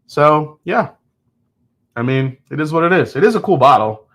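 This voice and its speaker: With a slightly high, fairly bright voice, lively intonation and a moderate pace, a man runs a live whiskey-tasting stream. He responds to viewer comments casually and candidly, joking, laughing and often restarting.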